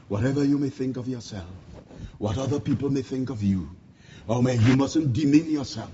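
A man preaching a sermon with a dramatic, repetitive cadence, dropping to hushed tones and building to shouted peaks. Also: moderate pace, dull audio, noisy background. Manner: dramatic, swinging from hushed lows to shouted climaxes.

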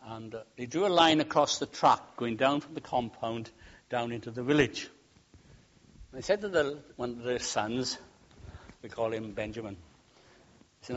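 A man preaching a sermon, swinging between loud emphatic peaks and quiet, humorous storytelling asides. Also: mid-range voice, a little slow, long pauses. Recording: dull lo-fi sound.

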